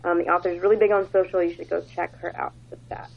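A woman's voice: fairly low pitch, flat delivery, quick pace, gravelly, a little hiss or hum. A woman chatting casually and enthusiastically about books on a radio segment, with lots of fillers. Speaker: book recommender on a radio segment. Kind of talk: casual book talk. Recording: phone-like radio audio.

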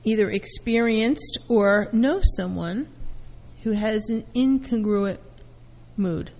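A woman therapist giving a calm lecture, explaining terms through everyday first-person examples. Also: fairly high pitch, slow pace, long reverb tail, poor audio. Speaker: therapist teaching.

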